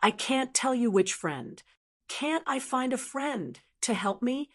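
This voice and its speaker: A woman reading a calm, assured young martial hero. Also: high voice, slow pace, full character voice.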